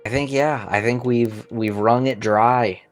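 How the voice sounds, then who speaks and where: A tired man late at night in a casual chat, speaking in a reflective, measured way. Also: medium pitch, steady tone, soft background music. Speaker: podcast guest.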